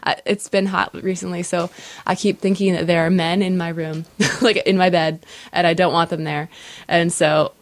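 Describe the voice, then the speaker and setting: Low-voiced woman telling stories. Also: normal speed, few pauses, no room sound. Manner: animated storyteller, laughs often. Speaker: podcast co-host. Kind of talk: casual chat.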